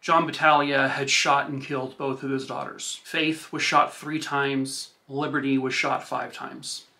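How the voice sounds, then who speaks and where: A man's voice: medium pitch, flat delivery, unhurried, pushed and bright. A male true crime podcast host retelling a case in a loose, casual way, using filler words like "like" and "I guess".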